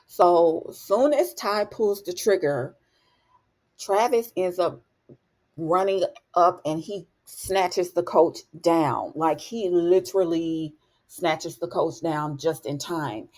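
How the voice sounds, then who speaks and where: A woman's voice: fairly low pitch, takes it slowly, darkish tone. A woman hosting a TV episode recap, telling it in a chatty, storytelling way, full of fillers and asides. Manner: chatty storytelling, lots of "you know" and "honey". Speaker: TV recap host.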